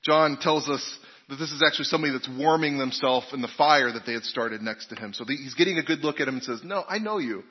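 A man's voice: mid-range voice, steady tone, quick pace, breathy edge. A man preaching a sermon in a conversational way, asking the congregation questions and telling personal stories. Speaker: pastor. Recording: dull recording with long hall reverb.

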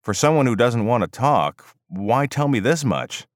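A man voicing a nervous, apologetic male newspaper reporter trying to calm a tense standoff. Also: mid-range voice, a little slow, dry recording, studio quality, pitched above the performer's own voice. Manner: nervous, placating.

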